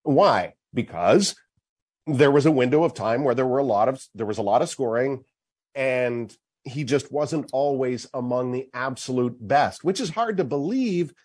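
A man's voice: medium pitch, lively intonation, normal speed, a little mellow. A middle-aged man hosting a sports talk show, making his case emphatically and at length.

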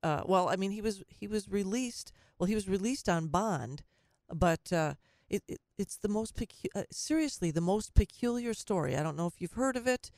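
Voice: mid-range voice, animated, moderate pace, darkish tone, dry recording, clean studio sound. A talk radio host delivering an opinionated monologue, sarcastic and often stumbling and restarting mid-sentence.

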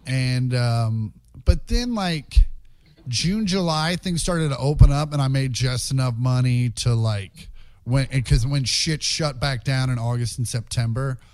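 A man swapping crude anecdotes with hosts, in a plain mid-range voice recorded close and dry. He talks loosely and swears freely, building each story with asides. It sounds like a relaxed podcast chat. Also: medium pitch, measured pace, no room sound. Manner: profane, animated anecdotes. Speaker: stand-up comedian guest. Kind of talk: casual storytelling interview.

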